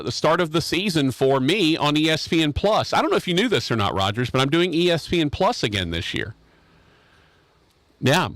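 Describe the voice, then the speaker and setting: A man's voice: mid-range voice, fairly bright tone, dry recording. A man hosting a casual sports radio show, rambling and joking with restarts. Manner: rambling, joking, repeats himself. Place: radio studio.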